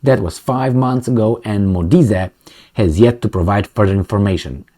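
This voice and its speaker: A man's voice: fairly low pitch, moderate pace, mellow. Sarcastic man riffing on the news. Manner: sarcastic and joking, laughs often. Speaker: political commentary vlogger. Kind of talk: casual news commentary, reading articles aloud.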